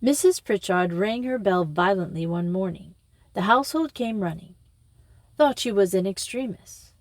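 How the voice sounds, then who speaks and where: A woman voicing a gruff retired colonel who speaks in clipped, brisk phrases. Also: mid-range voice, lively intonation, no echo, natural voice. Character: gruff retired colonel, fond of ghost stories.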